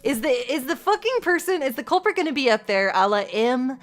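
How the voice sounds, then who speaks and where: A woman streaming a mystery game live, reacting excitedly, gasping and swearing as she talks to her chat. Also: sits high, a little fast. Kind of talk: live gameplay commentary.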